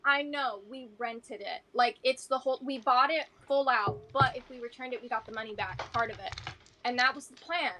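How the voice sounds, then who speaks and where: A woman's voice: fairly high pitch, normal speed, pushed and bright, a little hiss or hum. Chatty woman playing a tabletop game. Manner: chatty, run-on storytelling. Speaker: player. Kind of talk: casual tabletop game talk.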